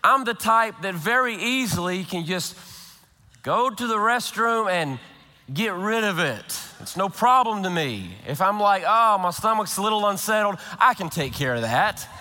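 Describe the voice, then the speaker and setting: A high-pitched, bright-toned male pastor preaching in a church sanctuary. He tells a funny story in an animated way, stumbling and restarting as he goes. His voice carries a long reverb from the big hall. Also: unhurried. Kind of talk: sermon with prayer and storytelling.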